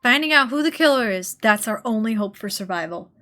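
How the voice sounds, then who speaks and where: A woman voicing a determined young man in a fan voice-over of a game, earnest and steady. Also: fairly high pitch, fairly quick, faint music behind.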